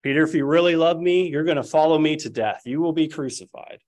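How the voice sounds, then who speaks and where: A man's voice: fairly high pitch, fast talker, a little mellow. A man preaching a sermon, telling the story and acting out the lines he quotes. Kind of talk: expository sermon.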